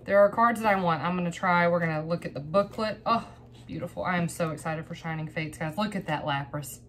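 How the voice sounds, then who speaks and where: A woman hosting her own channel, opening trading cards in a bubbly, excitable, rambling way. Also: on the low side, brisk. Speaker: host of a card-opening channel. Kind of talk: casual card-opening vlog.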